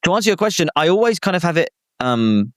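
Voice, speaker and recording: A young British man, a guest actor, chatting casually with animated, self-deprecating, rambling stories. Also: fairly high pitch, fast, no room sound, studio quality. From Britain. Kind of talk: casual chat.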